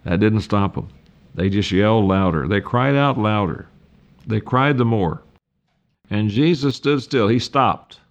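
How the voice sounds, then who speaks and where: Older male pastor preaching earnestly. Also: on the low side. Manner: earnest, deliberate preaching with slow emphatic stresses. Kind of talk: sermon.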